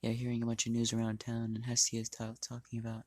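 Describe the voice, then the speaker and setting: A man's voice: medium pitch, completely flat delivery, fast talker, a little mellow, no room sound. A man casually narrating a fan-made story, rambling, restarting lines and swearing freely.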